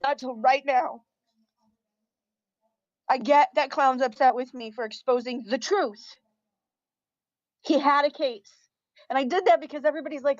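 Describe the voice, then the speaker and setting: A woman's voice: high-pitched, normal speed, long pauses, dry recording. A woman crying as she rants on a livestream, furious and profane, repeating herself as she vents. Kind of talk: angry livestream rant. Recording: dull lo-fi stream audio.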